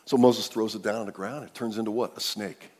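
A pastor preaching a sermon, retelling the story in an animated way that swings from hushed to emphatic. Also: male voice, on the low side, fairly quick, long reverb tail.

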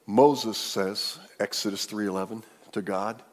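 A pastor preaching a sermon, retelling the story in an animated way that swings from hushed to emphatic. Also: male voice, lowish voice, a little slow, in a large hall.

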